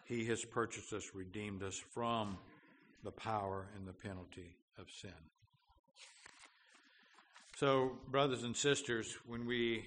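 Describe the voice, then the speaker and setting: A male pastor with a lowish, bright, forceful voice preaches earnestly, stumbling through fillers before pressing his points with emphasis. His voice rings with the long reverb of a large church, over a faint hum of background noise. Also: takes it slowly, pauses often. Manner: earnest, with frequent fillers and restarts, rising to emphatic declarations. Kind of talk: sermon.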